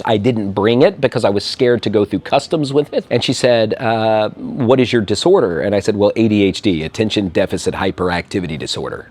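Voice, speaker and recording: Animated American man telling stories. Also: fairly low pitch. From Illinois, USA. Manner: animated, talks fast, storytelling with quoted dialogue. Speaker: interview guest, expat. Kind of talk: casual interview talk.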